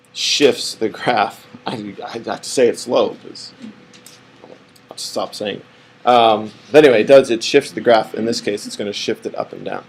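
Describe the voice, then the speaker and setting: A man's voice: medium pitch, vocal fry, rough recording. A man teaching a math lesson, rambling and correcting himself as he draws on the board. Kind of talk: classroom lecture.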